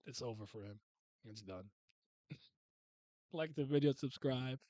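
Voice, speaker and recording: Dude hyped up reacting to stuff, laughs n swears a lot, dead dry audio. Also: male voice, medium pitch, a little slow, warm tone, no echo. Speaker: reaction video host. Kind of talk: casual reaction commentary.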